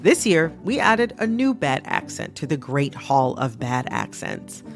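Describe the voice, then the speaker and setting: Lively, gravelly woman podcast host. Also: sits low, unhurried, faint music behind. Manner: animated, indignant, playful. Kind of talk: scripted podcast narration.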